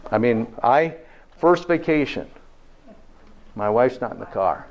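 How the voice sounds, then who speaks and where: A man of average pitch gives a health lecture to a live audience, chatty and folksy. He keeps asking the room questions and tags his points with a quick "okay?". The recording sounds dull and lo-fi. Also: animated. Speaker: health presenter.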